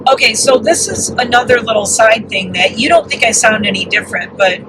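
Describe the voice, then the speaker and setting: A woman's voice: fairly high pitch, a little fast. A woman from Michigan with a Midwestern accent touched by New York and New Jersey, hosting a podcast and telling stories in easy conversation. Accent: Midwestern with some New York and New Jersey. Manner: chatty storyteller, acts out voices in anecdotes. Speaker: podcast host. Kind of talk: casual podcast chat. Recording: roomy, mic at a distance, steady background noise.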